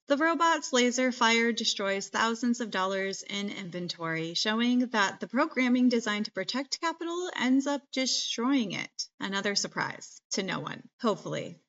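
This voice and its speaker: A woman's voice: on the high side, animated, normal speed, a bit bright. A woman hosting a podcast, recapping a movie in a chatty, joking way full of "like". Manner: chatty, filler-heavy, jokey. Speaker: podcast host. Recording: dull lo-fi podcast mic.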